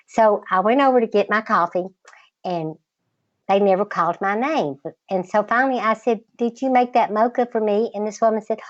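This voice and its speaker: An older woman with a Southern accent, a guest in a relaxed interview, talking in a slow, patient drawl with a slightly girlish voice. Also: mid-range voice, no room sound, lo-fi sound. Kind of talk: casual interview chat.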